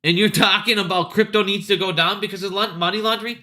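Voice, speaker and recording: A man's voice: sits high, fairly even intonation, quick pace, pushed and bright. A man giving profane, sarcastic commentary and mocking people in a rant. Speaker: video commentator. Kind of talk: ranting commentary.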